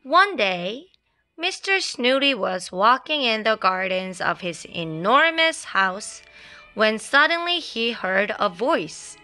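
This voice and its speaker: Slow, lilting woman reading a children's story. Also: on the high side, big pitch swings. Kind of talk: reading a children's picture book aloud. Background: soft classical music.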